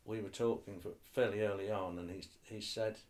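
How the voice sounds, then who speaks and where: A man's voice: fairly low pitch, fairly even intonation, a little fast, darkish tone. An older man being interviewed, speaking thoughtfully and hesitantly, with restarts and tag questions. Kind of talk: reflective oral-history interview.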